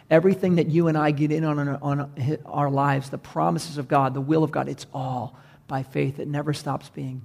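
Gravelly, earnest preacher man. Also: a little high, a little mellow. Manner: earnest, building emphasis with repeated phrases. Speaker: pastor. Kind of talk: sermon.

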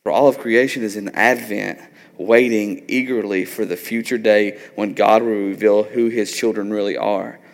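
A man's voice: lowish voice, steady tone, normal speed, gravelly, long reverb tail. A man in his thirties preaching a sermon in a loose, conversational way, often tagging on "like" and "right?". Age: 30s. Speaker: pastor.

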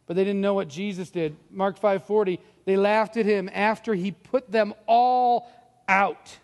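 High-voiced pastor preaching in a reverberant hall. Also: male voice, a little slow. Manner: animated storytelling, acts out quoted voices. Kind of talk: sermon.

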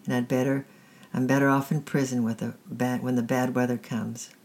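A woman's voice: a bass voice, flat delivery, normal speed, darkish tone. A woman reading a storybook aloud, voicing a weary, blunt middle-aged male thief who is kind underneath. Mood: resigned. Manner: blunt, rough, hesitant.

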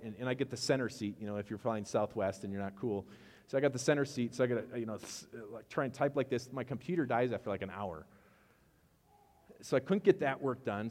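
A man pastor gives a chatty sermon full of personal anecdotes, acting out both sides of the conversations. His voice sits a little low and gets animated as the stories build. The sound carries a long reverb from a large hall.

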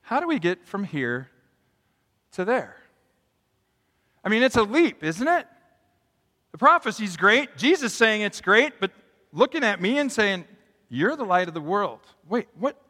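A middle-aged man preaching a sermon as pastor in a church, acting out quotes with big swings in pitch and loudness. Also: sing-song, a little slow, pauses often. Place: church sanctuary. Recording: long hall reverb.

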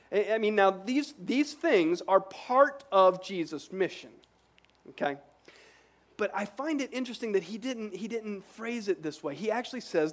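Male pastor, high pitch, earnest sermon delivery with emphatic repetition. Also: expressive, normal speed.

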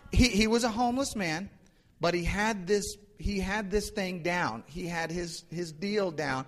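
A male pastor preaches in a loose, storytelling manner and often restarts his phrases. His voice sits a little high for a man. A long reverb hangs in the church sanctuary. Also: measured pace, a bit bright. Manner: conversational, many restarts, storytelling. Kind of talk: sermon.

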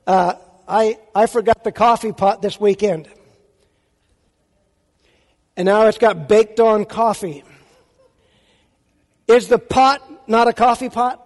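A male pastor preaches with emphatic force, firing rhetorical questions at his listeners. His voice sits very high, and the sound rings out with a long reverb. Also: a little mellow. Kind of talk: sermon.

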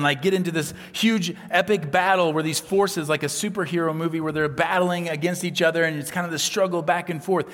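Guy pastor preaching, earnest, goes quiet to make a point, long church echo. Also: a little high. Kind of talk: sermon.

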